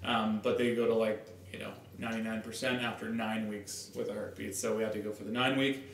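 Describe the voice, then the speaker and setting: Guy talking relaxed and matter-of-fact, kinda far from the mic, echoey room w/ low rumble. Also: brisk. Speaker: guest, partner of the storyteller. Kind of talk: casual chat.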